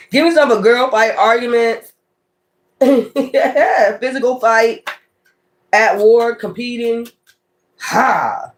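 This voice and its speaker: A man's voice: very high voice, takes it slowly, pauses often, a little hiss or hum. A man doing a casual tarot reading, talking straight to his viewers, cursing often and laughing between cards. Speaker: tarot reader.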